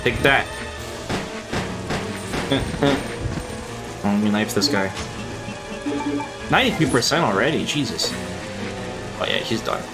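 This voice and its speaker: A man's voice: mid-range voice, animated, takes it slowly, long pauses, over loud music. A man streaming a game, chatting casually and rambling to his viewers and swearing freely. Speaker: gaming streamer. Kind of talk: casual chat while playing a game.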